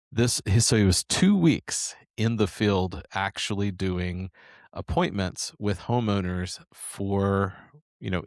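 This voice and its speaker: A man's voice: sits low, no room sound, clean studio sound. A man hosting a sales coaching show, telling a story and promoting a training series in an enthusiastic, rambling way with frequent restarts. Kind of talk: casual sales coaching talk.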